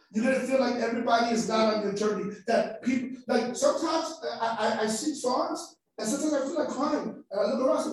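High-voiced man preaching in an echoey hall. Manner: energetic preaching, rising to shouts and dropping to soft asides. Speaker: pastor. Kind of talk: sermon. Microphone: livestream device away from the speaker. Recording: roomy livestream audio from far off.

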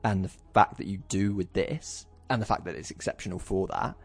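A man's voice: deep voice, a little fast, vocal fry, slightly rough, faint music behind. A man co-hosting a casual chat, chatty, laughing often and agreeable. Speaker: podcast co-host.

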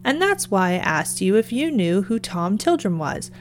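A woman voicing an excited rustic gravedigger who eagerly tells a strange tale, in a storybook reading. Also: mid-range voice, moderate pace, faint music behind, lightly acted.

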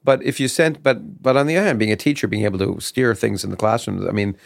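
A man's voice: on the low side, quick pace, gravelly, no echo, clean studio sound. A man hosting an interview in an office, asking questions while searching for his words. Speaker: podcast host. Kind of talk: casual interview conversation.

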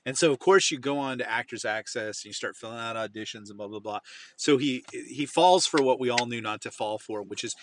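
A man's voice: medium pitch, a little fast, slight background noise. A man hosting a podcast, telling a long anecdote in a casual, rambling way full of fillers. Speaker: podcast host. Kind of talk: casual chat.

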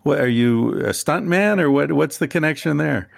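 A man hosting a casual interview, asking relaxed, teasing questions. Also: fairly high pitch, normal speed, creaky. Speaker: interviewer, host.

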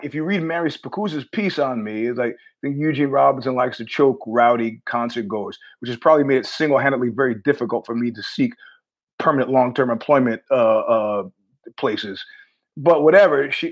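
A man's voice: mid-range voice, brisk. A man hosting his own show, telling rambling stories in a wry, profane monologue full of restarts. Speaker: podcast host.

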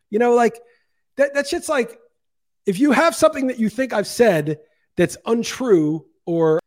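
Fast, high-voiced man ranting heatedly. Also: a little mellow. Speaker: podcast co-host. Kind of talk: casual podcast chat.

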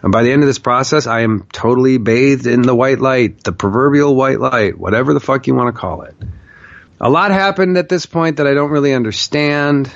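A man's voice: mid-range voice, a little fast, vocal fry, no echo, dull audio. A man casually telling a long personal story, swearing freely and often saying "like.". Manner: candid, profane, with frequent "like" fillers.

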